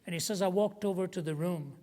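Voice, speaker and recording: A man preaching with a fairly high voice, telling stories from the pulpit. He swells into emotional emphasis on the quoted words. His voice carries a long reverb from a large hall. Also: quick pace, warm tone. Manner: storytelling, rising to emotional emphasis when quoting. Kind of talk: sermon.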